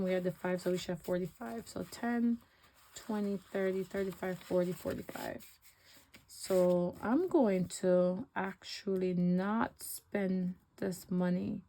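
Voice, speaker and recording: A woman vlogging about her budget, counting cash out loud and talking back with sass. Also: mid-range voice, slight background noise, low-quality recording. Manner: sassy, talks back to herself, counts money aloud. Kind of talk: casual chat while counting cash.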